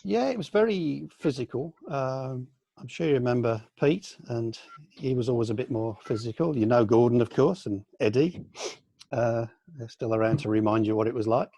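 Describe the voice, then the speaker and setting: An older man from the UK, a senior aikido teacher, reminiscing in a relaxed online question-and-answer session, with many ums and restarts. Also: mid-range voice, normal speed, gravelly, no room sound. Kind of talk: casual online Q&A. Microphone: video call.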